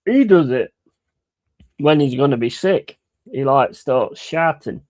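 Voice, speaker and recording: Bloke rambling on stream, swears a lot, mid voice, dry close mic. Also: male voice, medium pitch, lively intonation, slow, a little mellow, no room sound. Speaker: live streamer. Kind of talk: casual chat on a live stream.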